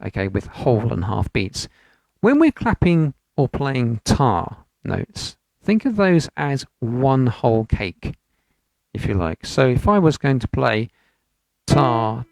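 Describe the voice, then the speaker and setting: A man's voice: mid-range voice, vocal fry, a little mellow, no room sound. A man from the United Kingdom teaching an online piano lesson, explaining patiently step by step and chanting rhythm syllables over the piano. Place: home studio. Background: piano playing.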